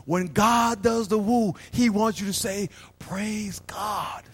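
A man with a very high voice preaches with energy, acting out little scenes and calling out to his congregation. His words ring through a big hall with a long echo that trails behind each phrase. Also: takes it slowly, husky. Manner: animated preaching, plays out little scenes and asks the crowd to respond. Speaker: pastor. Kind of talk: sermon. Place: church hall.

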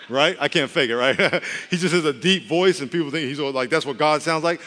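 Joking preacher in a reverberant hall. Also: male voice, medium pitch, pushed and bright, slight background noise. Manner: conversational, humorous preaching with quick asides. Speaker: pastor. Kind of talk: sermon.

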